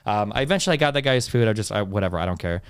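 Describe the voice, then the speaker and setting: A man rattles off stories at a rapid clip, cursing freely and hammering his points home. His voice sits on the low side and comes through dry and close on the mic, with no room around it. He sounds like a guest on a casual podcast. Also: expressive, clean tone, dry recording. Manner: fast, ranting, heavy swearing. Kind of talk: casual storytelling, profane and emphatic.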